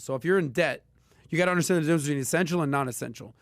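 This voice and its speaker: A man hosting a casual personal finance podcast, talking with punchy emphasis and lively asides. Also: a little high, very fast, creaky, no room sound. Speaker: podcast host.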